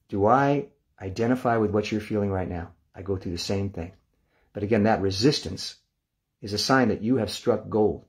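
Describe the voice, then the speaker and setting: Speaking in a lowish voice, this older man works as a meditation instructor and leads a guided relaxation session. He stays calm and unhurried, counting down gently before easing into quiet, hushed releases.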